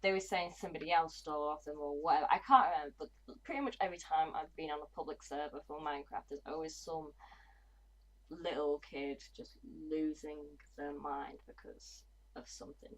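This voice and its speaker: A woman's voice: deep voice, a little fast, rough recording. A woman, chatting casually and bluntly on a gaming livestream. She swears freely and mutters to herself as she plays. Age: 20s. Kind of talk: casual livestream chat while playing.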